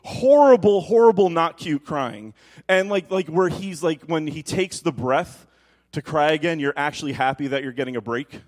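Animated preacher man, slightly high voice. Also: moderate pace. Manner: animated storytelling, drops soft and low when quoting God. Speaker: pastor. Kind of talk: sermon. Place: church.

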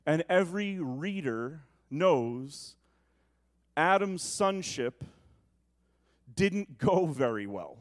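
A male pastor preaching a sermon to his congregation, moving between emphatic proclamation and quiet, joking asides. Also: lively intonation, extremely slow, pauses often. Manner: preaching, shifting from booming to hushed asides.

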